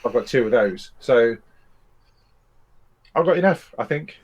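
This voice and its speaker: A man's voice: medium pitch, lively intonation, measured pace, breathy edge, highs cut off. A man co-hosting a casual studio chat, rambling on with a chuckle. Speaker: show co-host.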